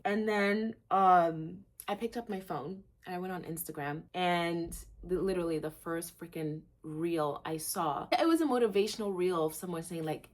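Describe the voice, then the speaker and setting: A young woman hosting a gratitude vlog, talking candidly to camera and rambling with lots of "like.". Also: normal speed. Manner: candid, rambling, heavy use of "like"; laughs at herself, swings between low and excited. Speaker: vlog host.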